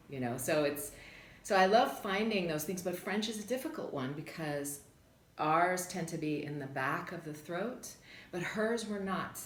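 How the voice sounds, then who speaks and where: A woman's voice: fairly low pitch, expressive, unhurried, roomy sound. A voice actress in a casual interview, telling reflective, rambling anecdotes about her work.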